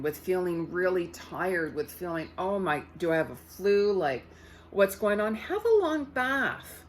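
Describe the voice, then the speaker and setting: A woman psychic talks straight to her viewers as she pulls cards, in a rather low voice. She rambles easily, leaning on "like" and "you know" and doubling up her words. A faint noise sits under the recording. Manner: chatty, full of "like" and "you know", repeats words. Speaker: psychic medium and card reader. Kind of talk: casual spiritual card reading for viewers.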